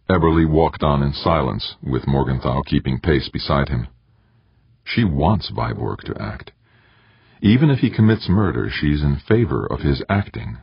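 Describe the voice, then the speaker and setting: A man reads a novel in a steady, measured way. His voice is extremely deep and husky. The recording is dry and sounds a little dull and lo-fi. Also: no echo. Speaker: audiobook narrator. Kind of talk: scripted narration.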